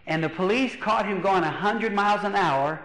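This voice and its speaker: High-voiced storytelling comedian man. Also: moderate pace. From Louisiana. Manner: animated storyteller, acts out voices. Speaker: pastor and comedian. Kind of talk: stand-up comedy. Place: church hall. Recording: echoey hall.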